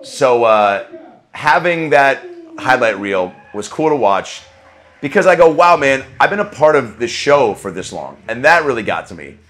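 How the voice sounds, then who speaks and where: An earnest man reflects out loud as he hosts his own podcast, often restarting his sentences and swearing casually. His voice sits at an ordinary middle pitch for a man. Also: sing-song, moderate pace. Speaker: podcast host. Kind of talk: casual solo recap.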